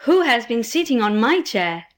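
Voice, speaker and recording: A woman's voice: fairly high pitch, very animated, moderate pace. A woman doing an indignant middling bear. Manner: crying out indignantly. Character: middling-sized mother bear.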